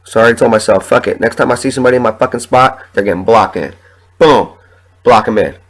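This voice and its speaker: A man's voice: mid-range voice, fast talker, poor audio. A sick man hosting a podcast, ranting in heated, profanity-laden stories and coughing from a sore chest. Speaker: podcast host. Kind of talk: casual ranting monologue.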